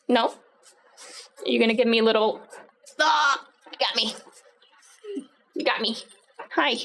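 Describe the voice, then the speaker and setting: A woman's voice: slow pace, long pauses, fairly bright tone. Chatty woman streaming, cooing at dogs. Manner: chatty, breaks off to coo at her dogs in a higher voice. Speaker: livestreamer building a keyboard. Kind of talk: casual live-stream chat.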